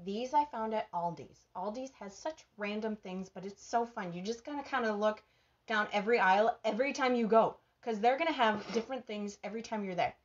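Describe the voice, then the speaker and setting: A woman's voice: mid-range voice, brisk, lo-fi sound. A chatty, bubbly woman with a Minnesotan accent, hosting a live cooking stream and reading viewers' comments aloud. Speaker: cooking show host.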